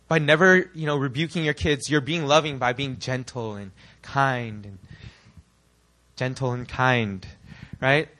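A young man from the United States preaching a sermon, animated and throwing rhetorical questions at the congregation. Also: a little high.

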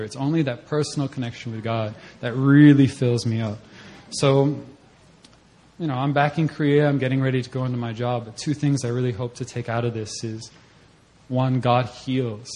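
Man telling a lively church testimony. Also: mid-range voice. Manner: conversational storytelling, acts out his own reactions in a sharply rising voice. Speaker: church member giving a mission-trip testimony. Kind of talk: personal testimony at a church service. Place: church service.

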